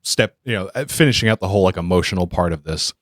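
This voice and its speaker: A man with a low voice speaks at a quick pace in a casual podcast discussion, telling animated stories while rambling and correcting himself. The recording is studio quality with no echo.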